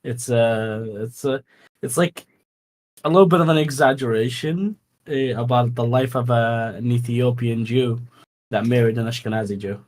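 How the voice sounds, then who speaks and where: A man's voice: medium pitch, moderate pace, a little mellow. A man whose first language is Arabic, a guest on a live stream, chatting casually, teasing, laughing often and swearing. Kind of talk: casual chat.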